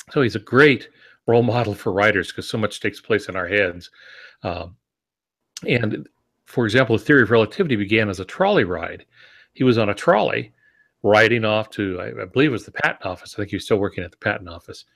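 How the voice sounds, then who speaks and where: Man, lowish voice, podcast co-host, casual reflective chat, frequent ums and restarts. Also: gravelly, a bit bright.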